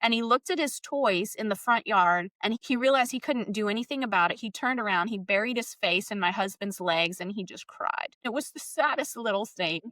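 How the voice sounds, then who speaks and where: A woman's voice: mid-range voice, dry recording. Earnest woman, slightly distant mic. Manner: earnest, reflective, often trails off softly. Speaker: podcast host appearing as guest. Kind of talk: heartfelt storytelling interview. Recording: voice a bit distant from the mic, dry.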